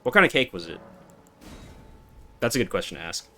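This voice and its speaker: A man in his twenties streaming a game, chatting casually and answering chat in a relaxed, monotone way. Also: low-pitched, fairly quick, soft background music. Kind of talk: casual live-stream chat while gaming.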